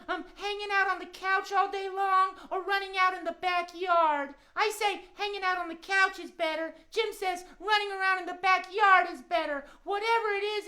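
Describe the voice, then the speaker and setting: Max, a squeaky fretful cat puppet. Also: pushed and bright. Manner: high squeaky voice, halting and repetitive. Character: friendly young cat puppet, earnest and fretful. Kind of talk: children's puppet show.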